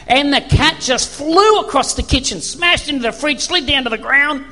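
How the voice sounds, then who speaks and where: Male pastor, high pitched, lively storyteller preaching in a reverberant hall. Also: normal speed, few pauses. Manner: animated storyteller, acts out voices and screams. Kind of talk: sermon with storytelling.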